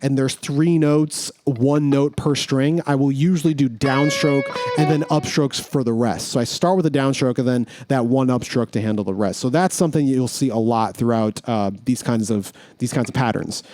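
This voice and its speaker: A man's voice: mid-range voice, normal speed, few pauses, a little mellow. A man teaching guitar in a casual way, thinking aloud as he goes and restarting phrases, with guitar playing in the background. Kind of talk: casual instructional explanation.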